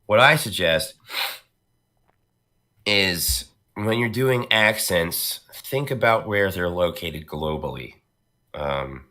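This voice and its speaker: Voice actor man, deep voice, slow casual chatter full of fillers. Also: expressive, pushed and bright. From northern United States. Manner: laughs often, many fillers and restarts. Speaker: voice actor guest. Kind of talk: casual podcast chat.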